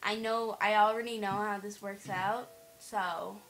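A woman's voice: medium pitch, fairly even intonation, measured pace, fairly bright tone, poor audio. A woman doing let's play commentary on a horror game at her computer, playful, teasing and giggly. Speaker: gamer playing a horror game. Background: faint game music.

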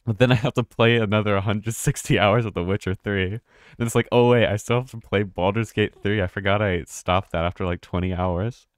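Low-voiced man rambling over gameplay. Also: fairly even intonation, brisk, dry recording, clean studio sound. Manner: rambling, chatty, swears and laughs often. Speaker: streamer. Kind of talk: casual live gameplay commentary.

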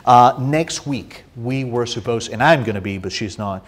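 A man from Spain with a Spanish accent, a poetry translator answering audience questions, with lively storytelling and frequent restarts. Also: medium pitch, moderate pace. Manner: restarts often, animated storytelling. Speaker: poetry translator and guest speaker. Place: university room.

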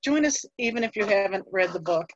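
A woman's voice: medium pitch, expressive, fairly quick, dry recording. A woman presents library resources on a museum livestream, friendly and chatty. Her voice comes through dull and muffled, in a dry setting with no room sound. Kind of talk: presenting a talk, then casual discussion.

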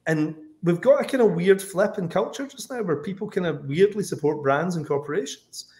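On a casual livestream call, a comic book writer from Scotland wanders from anecdote to anecdote, leaning on "like" and "you know." He sounds high, animated and somewhat dark in tone, speaking at normal speed.

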